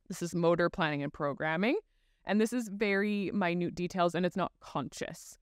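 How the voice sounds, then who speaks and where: Smooth-voiced woman explaining step by step. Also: on the low side, normal speed, dry recording, studio quality. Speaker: guest expert on child speech development. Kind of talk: explanatory podcast interview.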